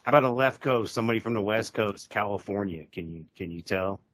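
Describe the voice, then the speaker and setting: A man's voice: lowish voice, quick pace, a bit bright, no room sound. A man co-hosting a podcast who asks leading questions and teases his partner with jokes. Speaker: podcast co-host. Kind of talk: casual chat.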